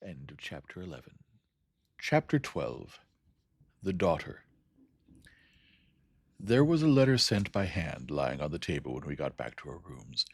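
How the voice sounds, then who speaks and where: A man narrating a classic mystery in a soft, unhurried, measured ASMR reading. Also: a bass voice, big pitch swings, gravelly, breathy edge, no echo, clean studio sound. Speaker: audiobook narrator.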